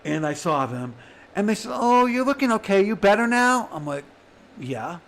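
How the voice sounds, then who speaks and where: A man telling a raw personal story straight to his audience, swinging between quiet stretches and shouting as he voices the people around him. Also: high-pitched, big pitch swings, normal speed. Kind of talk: emotional personal monologue.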